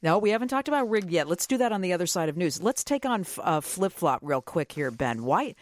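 A woman hosting a public radio call-in show, reading listener comments aloud and bringing in her guest at a brisk pace. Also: fairly low pitch, sing-song. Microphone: studio microphone.

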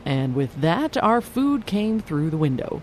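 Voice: medium pitch, sing-song, a little slow. A radio host with a mid-range voice reads polished narration and then slips into friendly, curious questions for a guest. The talk is taped in a car and later at a restaurant table, with faint road noise underneath. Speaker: radio show host and reporter. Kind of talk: scripted narration mixed with casual interviewing. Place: inside a car at a drive-thru, then a restaurant.

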